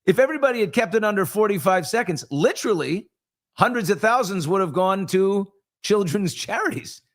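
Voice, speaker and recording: A man's voice: sits high, animated, brisk. A man hosting a casual morning chat show, gossiping about celebrities in a chatty, loose way. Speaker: host.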